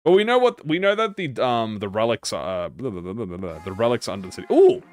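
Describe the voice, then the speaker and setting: A man with a lowish, very animated voice talks fast while live-streaming a game and chatting with viewers, with no room sound. His casual talk rambles, corrects itself and trails off into mumbles over faint game music.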